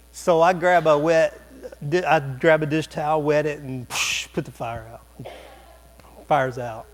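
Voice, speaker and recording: A man with a high-pitched voice preaches from a church, telling a comic story about his family. He keeps it animated and jokey, with quick asides to the congregation. A low electrical hum sits under the recording. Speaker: pastor. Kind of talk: sermon storytelling. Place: church sanctuary.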